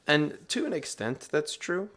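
A man co-hosting a casual podcast, a teacher who tells animated stories about his class and acts out the exchanges. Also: on the high side, unhurried. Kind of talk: casual chat.

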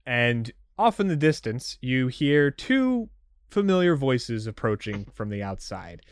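A man's voice: mid-range voice, big pitch swings, unhurried, clear, resonant tone, no echo, studio quality. Casual male game master. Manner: casual, filler-heavy narration. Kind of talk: narrating a tabletop game.

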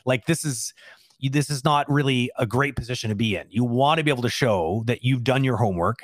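A man talks fast and emphatically into a close, dry mic, co-hosting a casual advice show. He keeps asking rhetorical questions as he encourages listeners. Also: mid-range voice, no room sound. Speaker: co-host of an animation Q&A show.

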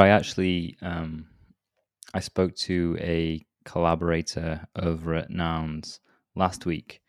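Very low, flat-voiced male host. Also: no echo, clean studio sound. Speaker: podcast host. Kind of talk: casual interview talk.

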